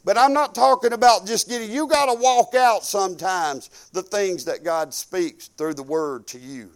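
A man's voice: high-pitched, normal speed. An older man preaching a sermon, emphatic and repetitive, telling folksy stories with quoted dialogue.

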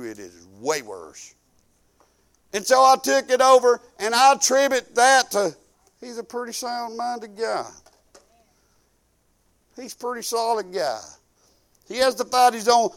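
High-voiced older preacher, emphatic. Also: male voice, animated, unhurried, pauses often, a bit bright. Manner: emphatic, repetitive, folksy storytelling with quoted dialogue. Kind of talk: sermon.

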